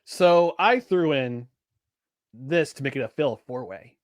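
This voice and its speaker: A man's voice: medium pitch, animated, unhurried, no echo, studio quality. A man co-hosting a casual podcast, rambling with many restarts and fillers. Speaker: podcast co-host.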